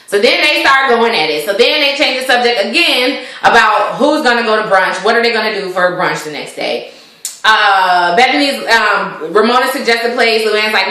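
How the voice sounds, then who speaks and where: A woman's voice: a little high, normal speed, sharp tone. A young woman recapping a TV episode in casual chat, filler-heavy and often laughing. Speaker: TV recap vlogger. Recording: very echoey room.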